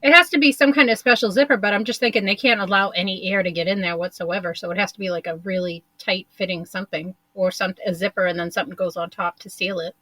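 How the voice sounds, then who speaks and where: A woman's voice: mid-range voice, steady tone, fast talker, hardly any pauses, sharp tone, no echo, rough recording. A woman guest on a podcast, chatting casually and laughing often. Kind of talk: casual chat.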